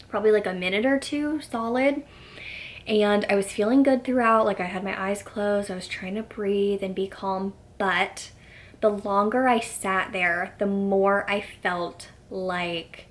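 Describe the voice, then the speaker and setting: A young woman vlogger casually telling a personal story to camera, chatty and filling her talk with "like", sometimes dropping to a whisper when quoting herself. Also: medium pitch. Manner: chatty, says "like" often, quotes herself in soft whispers.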